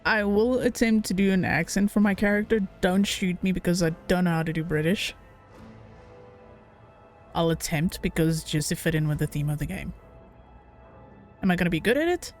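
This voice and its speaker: A woman's voice: fairly low pitch, moderate pace, long pauses, a little mellow, soft background music. Chatty joking woman streamer. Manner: chatty, joking, swears, reads game text aloud. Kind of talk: casual let's-play commentary.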